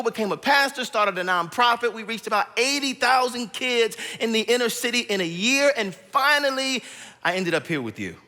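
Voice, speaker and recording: A man in his thirties preaches as a guest pastor, telling a personal story and slipping into the voices of his family. His voice is high and bright and swings widely in pitch. It rings out with the long reverb of a large church auditorium. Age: 30s. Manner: animated, acts out family members' voices. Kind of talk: storytelling sermon.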